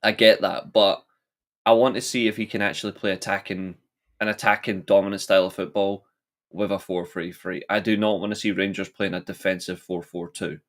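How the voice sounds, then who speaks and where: A man's voice: low-pitched, flat delivery, fairly quick. A man co-hosting a casual football podcast, giving blunt, heated opinions. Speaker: podcast co-host.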